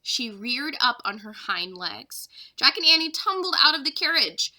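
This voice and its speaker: A young woman teacher with a very bright, high voice reads a children's chapter book aloud. Her delivery is expressive and lively, rising and falling as she carries the story along. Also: moderate pace. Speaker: third-grade teacher.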